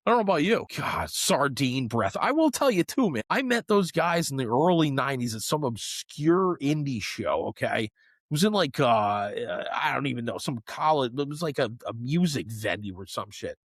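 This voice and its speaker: Animated, lively-voiced male podcast host. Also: medium pitch, normal speed, no echo, studio quality. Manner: animated storyteller, swears, says "man" and "dude" a lot. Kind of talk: casual chat.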